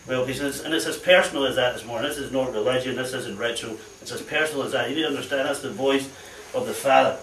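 A man's voice: medium pitch, fast, a bit bright, distant mic, a little hiss or hum. A man preaching a fervent sermon, calling out hallelujahs and amens along the way. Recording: echoey hall, voice off-mic.

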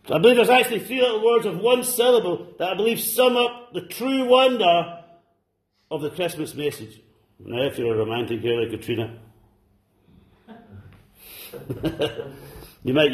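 A man preaching a sermon to a congregation, fervent and exclaiming, dropping at times to soft, low asides. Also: animated, a little slow, pauses often, roomy sound. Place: church service.

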